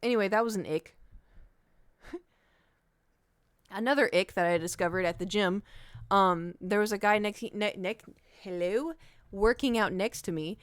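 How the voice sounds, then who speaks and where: A woman's voice: medium pitch, unhurried, pauses often, clear, resonant tone, dry recording, clean studio sound. A woman streamer chatting casually and animatedly, hopping from one story to the next. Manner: chatty and animated, jumping between stories. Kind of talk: casual chat.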